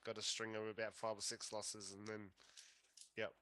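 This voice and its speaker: Bright-voiced Australian man, easygoing. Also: on the low side, monotone, moderate pace. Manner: brief replies, easygoing. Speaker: podcast co-host. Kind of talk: casual chat.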